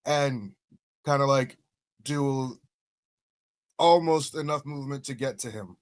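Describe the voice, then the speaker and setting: A man playing in a tabletop game, relaxed, talking through his character's moves with fillers. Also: a little high, measured pace, pauses often. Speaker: player. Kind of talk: casual tabletop game chat.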